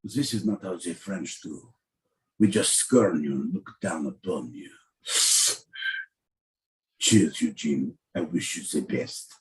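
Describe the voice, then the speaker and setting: A man's voice: deep voice, takes it slowly, long pauses, darkish tone, pitched below the performer's own voice, low-quality recording. A man putting on a mock French accent to play a haughty, condescending male French official. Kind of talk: comedic impression.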